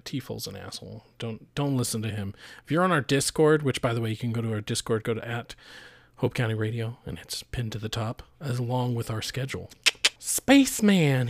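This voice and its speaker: A man's voice: medium pitch, no room sound, clean studio sound. A young man hosting a podcast, chatting casually and crudely joking as he reads out listener messages, often laughing. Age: young adult. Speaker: podcast host. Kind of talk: casual chat.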